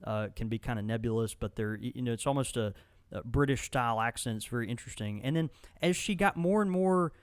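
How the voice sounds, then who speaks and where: A man co-hosting a podcast, talking casually at a middle pitch. He rambles, circling back through fillers and restarts. The sound is dry and close, with no room echo. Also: quick pace, clean tone. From Mississippi. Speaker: podcast co-host.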